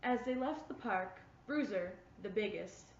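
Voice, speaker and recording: A woman reading a children's picture book aloud with expressive storytelling. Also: medium pitch, measured pace. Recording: echoey room, far from mic, dull, faint noise.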